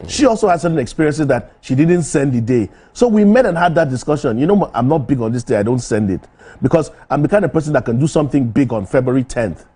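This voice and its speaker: Man, mellow husky voice, relaxed and frank panelist in a TV studio. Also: medium pitch, fast. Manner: relaxed, conversational, frank opinions. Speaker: panelist on a talk show.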